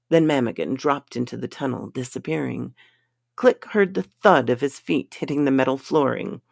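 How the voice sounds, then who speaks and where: A woman narrating a pulp science fiction story in a dramatic, unhurried reading style. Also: a bass voice, gravelly, darkish tone, dry recording, studio quality.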